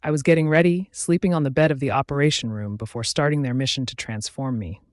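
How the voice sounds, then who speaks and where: A man narrating a first-person romance audiobook with an even, steady reading. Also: mid-range voice, fast talker, no echo, studio quality.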